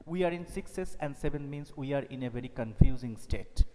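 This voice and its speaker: A man's voice: medium pitch, moderate pace, dark tone. A man teaching a class, explaining a play by repeating and paraphrasing its lines. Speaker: English teacher. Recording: echoey hall, faint noise.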